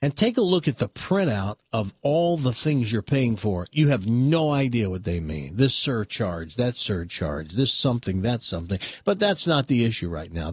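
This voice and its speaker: A man, a talk show host, telling an exasperated story in a casual, animated way. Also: medium pitch, husky, no echo, clean studio sound.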